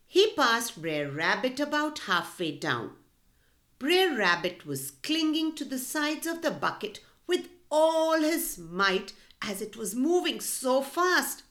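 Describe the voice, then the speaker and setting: A woman reading a folktale aloud to children, gentle and expressive, talking to them directly. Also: a little high. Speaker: children's storyteller. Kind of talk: storybook read-aloud for children.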